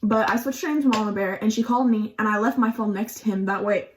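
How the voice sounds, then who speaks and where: A woman's voice: mid-range voice, fast talker, a little hiss or hum. A young adult woman telling a casual storytime on her vlog, chatty and profane, with lots of "like". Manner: chatty and profane, heavy use of "like". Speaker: vlogger.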